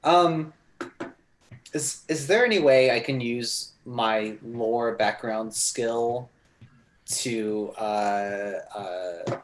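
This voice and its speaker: A man's voice: mid-range voice, extremely slow, a little hiss or hum. A man playing a tabletop game, asking the game master questions while searching for the right words. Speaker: player.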